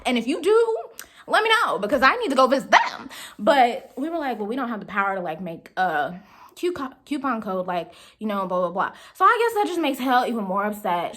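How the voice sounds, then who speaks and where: A young woman vlogger casually telling a work story to her viewers, chatty and animated. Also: a little high.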